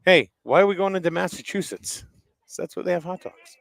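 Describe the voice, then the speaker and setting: Chatty gravelly New man. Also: high voice, a little fast. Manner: chatty storyteller, easy joking. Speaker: baseball play-by-play commentator. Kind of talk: casual sports commentary. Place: outdoors at a cold windy ballpark.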